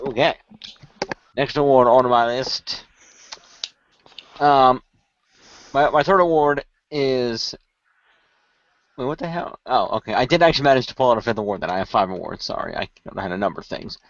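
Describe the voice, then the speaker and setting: A man's voice: mid-range voice, expressive, normal speed, vocal fry, long pauses, dry recording. A man co-hosting a casual wrestling chat, arguing his point at length and rambling. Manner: argumentative, rambling. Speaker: podcast co-host. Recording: dull dry lo-fi audio.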